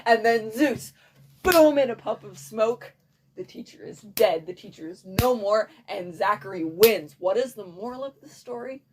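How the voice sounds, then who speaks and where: A woman's voice: medium pitch, normal speed, a little mellow. A woman wrapping up a silly story for a storytelling game, blunt and casual. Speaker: storyteller in a narrative telephone game. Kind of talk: improvised comic storytelling. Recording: noisy recording with clicks.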